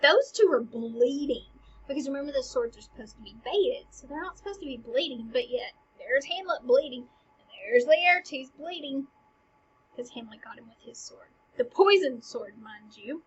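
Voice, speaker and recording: A woman with a high voice retells a classic play in casual, chatty words. She talks like a teacher, dropping "like" and little laughs as she explains the plot. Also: expressive, normal speed, dull audio.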